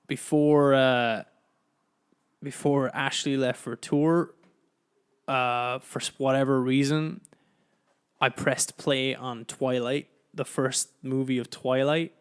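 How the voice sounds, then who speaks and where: A man's voice: medium pitch, clear, resonant tone. A young Irish man hosting a podcast, chatting casually in a loose, rambling, profane way with many restarts. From Ireland. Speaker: podcast host. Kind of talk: casual solo podcast chat.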